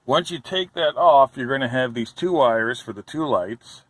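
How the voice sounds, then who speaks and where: A man's voice: mid-range voice, moderate pace, fairly bright tone, poor audio. A man talking through a car repair as he works, thinking aloud, hesitant and careful with his warnings, recording from inside the car. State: out of breath. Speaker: DIY car repair vlogger. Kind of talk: casual how-to narration while working.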